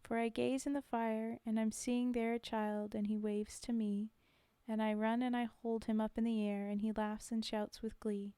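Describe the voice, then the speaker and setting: A woman streaming a poetry reading speaks in a fairly high, mellow, smooth voice with little pitch movement and a moderate pace. The dry recording comes from a desk mic, and she chats with viewers between poems, often poking fun at herself.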